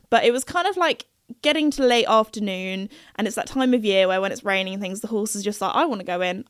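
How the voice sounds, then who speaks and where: A woman's voice: fairly high pitch, no room sound, studio quality. A young woman hosting a podcast in a casual chat, rambling with lots of fillers and giggles. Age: young adult. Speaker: podcast host.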